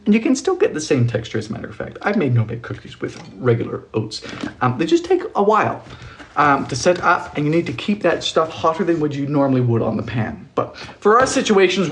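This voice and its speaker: Young male cooking streamer, playful and chatty, pitch jumping all over, home kitchen. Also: a little hiss or hum. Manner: animated, playful, thanks viewers often. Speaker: cooking livestream host. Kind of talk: chatty live cooking stream, reading viewer comments.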